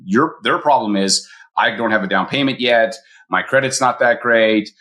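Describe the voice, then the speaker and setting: A middle-aged man, a mortgage broker, talking casually on a solo podcast, often acting out quick quoted voices. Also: on the low side, sharp tone. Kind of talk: solo podcast coaching talk.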